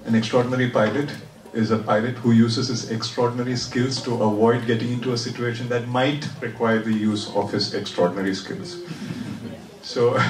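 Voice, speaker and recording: Sailor, chatty and self-deprecating, recorded far away in a reverberant space. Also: male voice, mid-range voice. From India. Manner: chatty and self-deprecating, laughs often, many "uh" fillers. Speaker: solo sailor interviewee. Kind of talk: casual interview answers. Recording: roomy and distant.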